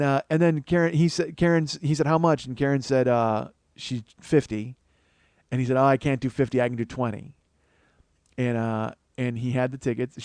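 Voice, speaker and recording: A comedian hosting his own show tells a long story in a storytelling monologue, doing the other people's voices. His mid-range voice is a little mellow, with no echo.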